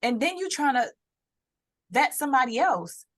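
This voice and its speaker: A woman's voice: sits high, normal speed. A young adult woman co-hosting a podcast in casual chat, telling stories and acting out what people said. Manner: animated storytelling, acts out quotes. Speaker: podcast co-host.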